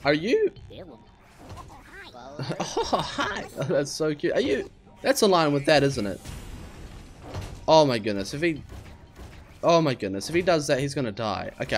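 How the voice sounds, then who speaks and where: Man, let's play commentary, excitable, swooping pitch, high squeals when surprised. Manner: talks to himself and the viewers, frustrated and puzzled. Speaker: gaming channel host.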